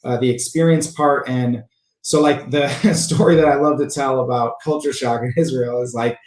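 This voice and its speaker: A man telling a story in a casual podcast interview, animated and full of fillers and restarts. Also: mid-range voice, moderate pace. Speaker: podcast guest, sales engineering leader. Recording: roomy echo.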